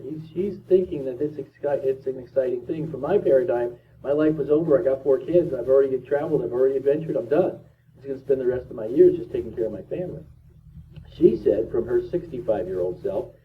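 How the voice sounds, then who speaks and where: A man's voice: mid-range voice, fast, a little hiss or hum. A man in his fifties giving an emphatic, repetitive motivational talk as a speaker. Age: 50s. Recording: distant tinny lo-fi recording.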